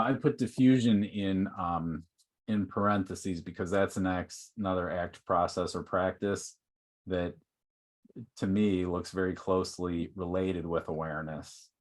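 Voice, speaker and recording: Brief: deep-voiced male presenter, chatty and informal, lecturing to a workshop. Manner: conversational, uses many fillers like "like" and "okay". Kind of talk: online teaching talk.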